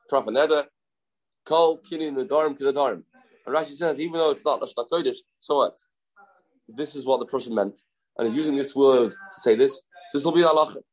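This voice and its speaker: A man's voice: mid-range voice, a little mellow, rough recording. A man gives an informal daily Talmud class. He lays out each point step by step and repeats the key phrases. He asks his listeners rhetorical questions as he goes. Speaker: Talmud teacher.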